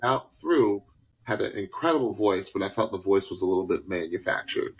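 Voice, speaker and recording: A man co-hosting a podcast, talking in an animated, opinionated way about singers' performances. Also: low-pitched, brisk, breathy edge, low-quality recording. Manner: animated, opinionated, drifts into a put-on New York accent. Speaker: podcast co-host. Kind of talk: casual chat reviewing a singing show.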